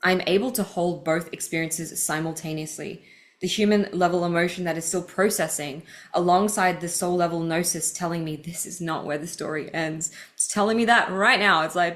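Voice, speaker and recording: A woman's voice: on the low side, fairly quick. Emotional, confessional woman reading her book. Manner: vulnerable, earnest, confessional. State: emotional, voice welling with grief. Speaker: podcast host. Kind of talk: reading aloud from her own book with personal asides.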